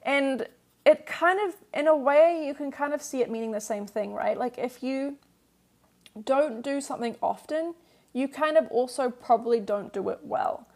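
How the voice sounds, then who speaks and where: A woman's voice: high voice, animated, moderate pace. A woman teaching a live-streamed language lesson, patiently explaining grammar and answering viewer questions with lots of "um" and "like".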